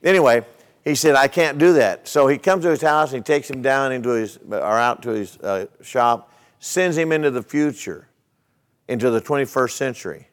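Speaking from the pulpit, this pastor's sermon comes in a clear, resonant, middle-pitched voice at a moderate pace, animated yet easygoing and folksy as he tells a story. He poses rhetorical questions to his listeners on the way into his teaching.

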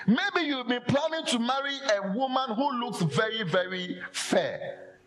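A man preaching a lively sermon, acting out quoted voices and laughing often. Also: sits high, moderate pace.

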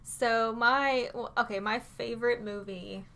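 Chatty woman co-host, slightly high voice. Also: fairly even intonation, a little slow, creaky, bright, forceful tone. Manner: chatty, storytelling. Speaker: library podcast co-host. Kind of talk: casual chat.

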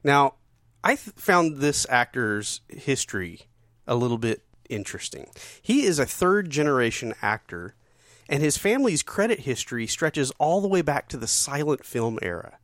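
A man's voice: mid-range voice, big pitch swings, moderate pace, a bit bright, dry recording, studio quality. A man co-hosting a podcast, jokey and reading out trivia in casual chat. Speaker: podcast co-host.

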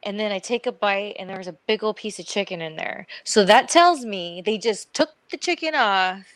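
A woman's voice: medium pitch, normal speed, dry recording. Chatty woman telling a story. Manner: animated storytelling, acting out quotes, laughing often. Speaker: podcast co-host. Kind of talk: casual chat.

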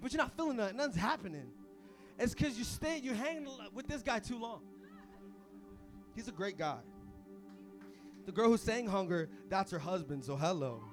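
This young pastor, whose voice sits high, delivers an energetic sermon in a casual, slang-heavy style. He swings between hushed asides and outright shouting.

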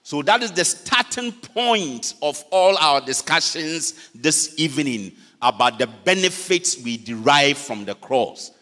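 An older man with a Ghanaian accent preaching a sermon, swinging from loud peaks down to low, quiet phrase endings. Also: expressive. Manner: preaching slowly with dramatic pitch swings, switching between English and Fante. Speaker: pastor. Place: church hall. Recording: long reverb of a church hall.

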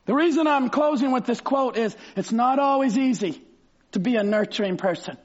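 A fervent male preacher with a very high voice for a man, swinging from soft storytelling into loud, drawn-out shouts. The recording sounds slightly dull. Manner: fervent, bursts into shouts, stretches words. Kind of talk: sermon.

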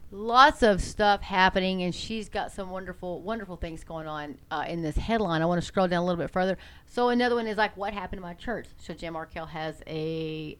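Smooth-voiced chatty woman from Texas. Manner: chatty and rambling, with many fillers and self-corrections; voice climbs high and loud when emphatic. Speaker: host of an online ministry show. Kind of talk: casual commentary.

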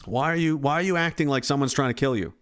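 A man's voice: medium pitch, fast. A man hosting a podcast livestream, ranting casually and profanely, reading chat messages and acting out quoted voices.

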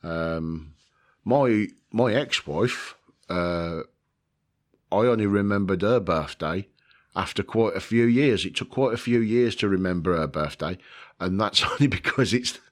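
Speaking a little slowly in a low voice, a man hosts an informal video. He wanders his way through a list, filling gaps with ums, making fun of himself, and swearing here and there.

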